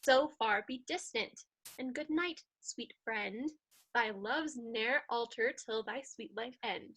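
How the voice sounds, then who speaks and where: Gentle, proper young woman, read by a woman, bright and a bit high. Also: slow pace, slightly rough, exaggerated voice, rough recording.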